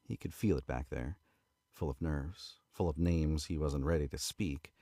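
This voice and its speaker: A man with an Australian accent reading a novel aloud in a relaxed, casual way, now and then correcting his own slips. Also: extremely low pitch, a little slow, dry recording, clean studio sound. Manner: relaxed, stops to correct misread words. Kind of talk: casual read-aloud narration.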